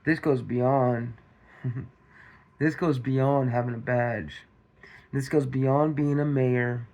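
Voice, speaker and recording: A man's voice: medium pitch, fairly even intonation, slow pace, a little mellow. A man hosting a commentary monologue, repeating himself and throwing rhetorical questions at his viewers. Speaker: commentary channel host.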